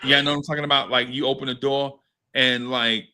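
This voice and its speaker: A man's voice: mid-range voice, brisk. A man hosting a podcast, telling a story in casual, slangy chat and acting out what people said. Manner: animated, slangy, swears, acts out quotes. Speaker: podcast host.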